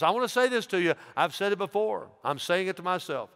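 A man's voice: high-pitched, lively intonation, brisk, hardly any pauses. Preaching older man in echoing hall. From United States. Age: 60s. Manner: emphatic preaching, dropping soft then rising loud. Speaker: pastor. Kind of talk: sermon. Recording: long reverb of a church hall.

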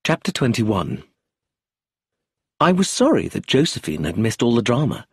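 A man's voice: medium pitch, wildly swooping pitch, moderate pace, breathy edge, dry recording, clean studio sound. A man narrating an audiobook in the first person, telling the story expressively.

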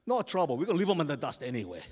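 An arrogant young island chief, as a male storyteller plays him, bragging and shouting with swollen pride. The voice swings high and loud, wide in pitch, and rings in a long hall reverb. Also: wildly swooping pitch, rapid-fire. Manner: boastful, shouting.

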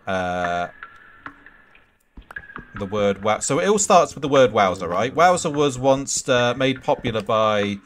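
A man's voice: medium pitch, animated, measured pace, long pauses, slight background noise. A man streaming a game live, chatting casually and rambling through answers to viewer questions. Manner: casual, swears freely. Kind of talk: live gameplay commentary and chat.

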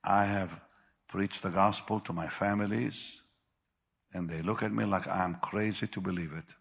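An older man preaching a sermon, with sudden loud bursts and slow, drawn-out phrases. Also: low voice, steady tone, vocal fry. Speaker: pastor. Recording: long hall reverb.

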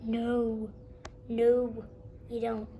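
A protective mother horse fusses and pleads in a homemade horse story, played by a woman. The voice is high and slow-paced. A soft hiss sits behind it. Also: completely flat delivery. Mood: fussing. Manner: pleading, fussing. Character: protective mother mare, clingy.

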